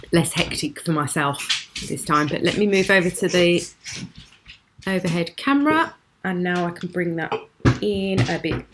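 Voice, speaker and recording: A woman's voice: on the low side, noisy background. A British woman hosting a live craft show from home, chatting admiringly and laughing often. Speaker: craft channel host.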